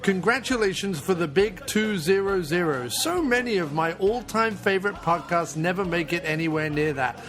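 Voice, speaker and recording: A man's voice: high-pitched, lively intonation, moderate pace, hardly any pauses. A man hosting a podcast, chatting casually with frequent laughs and reading a listener's email aloud. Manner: easygoing, laughs often. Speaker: podcast host.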